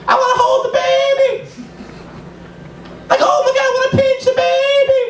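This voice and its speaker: A man putting on a doting, cooing baby-talk voice, high and sing-song, recorded roomy and from a distance. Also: monotone, normal speed.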